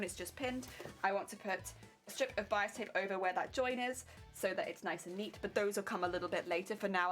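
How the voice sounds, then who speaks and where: Young woman, English accent, giggly rambling chat, mid-pitched voice, light music in the background. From England. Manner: chatty, giggly, rambling with many fillers. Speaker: cosplay streamer. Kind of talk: casual live-stream chat while crafting.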